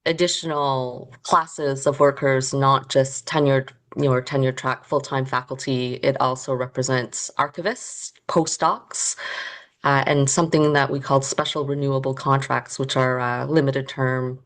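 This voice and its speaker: A woman with a very low, gravelly voice explains her union's situation as a podcast guest. She talks thoughtfully and stops now and then to find her words. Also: fairly even intonation, moderate pace. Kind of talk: podcast interview.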